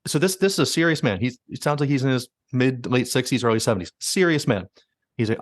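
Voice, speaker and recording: A man's voice: medium pitch, lively intonation, fast talker, no room sound. A man hosting a podcast, casually retelling stories with many likes and quoted asides. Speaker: podcast host. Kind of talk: casual storytelling.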